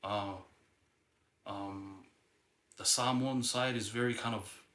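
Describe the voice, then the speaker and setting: His voice is lowish, bright and pushed, with fairly even intonation and a slow pace. The young vlogger rambles through a family history story casually, hesitating with lots of fillers and restarts, and the room echoes.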